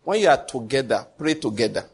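A man's voice: medium pitch, very animated, brisk, slightly rough. A man preaching a sermon as pastor, emphatic, full of rhetorical questions and pidgin asides.

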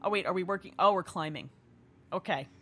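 A woman's voice: fairly low pitch, brisk, fairly bright tone, husky. A woman chatting casually while watching a film, snarky and swearing, laughing often. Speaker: movie commentator. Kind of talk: casual movie-watching chat.

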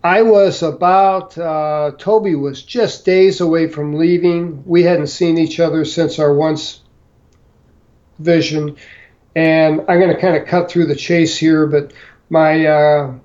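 Older male guest, slow halting storyteller, slightly high voice, dull lo-fi sound. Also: fairly even intonation, darkish tone. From St. Louis, Missouri. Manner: halting, many fillers and restarts. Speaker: interview guest. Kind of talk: storytelling interview.

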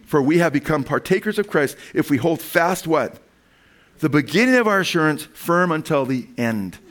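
A man preaching a sermon who reads scripture aloud, asks the congregation "amen?" and "what?" in call-and-response, and breaks into animated asides. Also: medium pitch. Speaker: pastor.

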